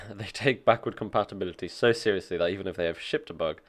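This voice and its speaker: A man with a low voice reads a technical article aloud and reacts as he goes. His remarks are casual and dry, mixing quick asides with plain reading. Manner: reads aloud and comments offhandedly, dry jokes. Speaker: tech streamer reacting to an article.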